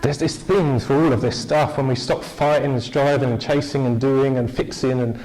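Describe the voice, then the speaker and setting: A man's voice: medium pitch, fairly even intonation, normal speed, darkish tone, poor audio. A man preaching an informal, jokey church sermon, chatting with the congregation and asking them questions.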